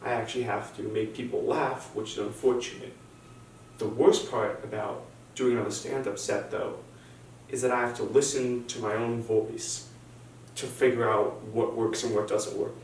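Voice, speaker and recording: A man's voice: mid-range voice, steady tone, moderate pace, darkish tone. A young man doing a stand-up set, self-deprecating and hesitant, with frequent restarts. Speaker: stand-up comic. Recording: very echoey room, distant mic, faint hum.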